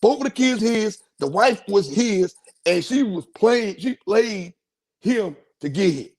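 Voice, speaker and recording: High-voiced man telling a slangy story. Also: a little slow. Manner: animated, slangy, acts out quotes in a raised voice. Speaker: podcast host. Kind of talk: casual storytelling.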